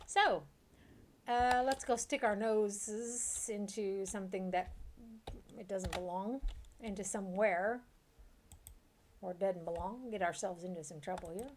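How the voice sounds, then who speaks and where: A woman's voice: mid-range voice, a little mellow, slight background noise. A woman streaming a game, chatting casually, giggling, and reading the game's text aloud. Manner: giggly, chatty, trails off into asides.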